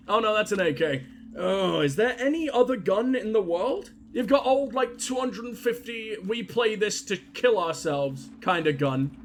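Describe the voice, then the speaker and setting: A man with a high-pitched voice gives crude, sarcastic let's-play commentary, swearing freely and talking to the characters on screen. A faint hiss runs under his voice. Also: fairly bright tone. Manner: crude, sarcastic and profane joking; talks to the game characters. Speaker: gaming video host.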